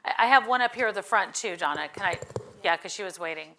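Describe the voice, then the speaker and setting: A woman hosting and moderating a live panel, brisk and organizing. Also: mid-range voice, expressive, noisy background. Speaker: host and moderator.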